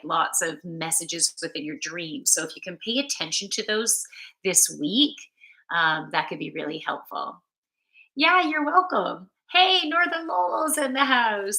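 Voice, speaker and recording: A woman giving a relaxed, rambling card reading on a live stream, answering viewers' chat and yawning now and then. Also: fairly low pitch, gravelly, roomy sound. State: sleepy, yawning. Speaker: spiritual card reader and yoga teacher.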